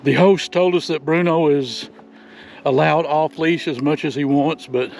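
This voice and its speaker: A man's voice: fairly high pitch, steady tone, unhurried, darkish tone. An older man chatting in a folksy, chuckling way as he vlogs outdoors on a windy trail. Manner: folksy, chuckling, says "y'all". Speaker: vlogger. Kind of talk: casual outdoor vlog chat.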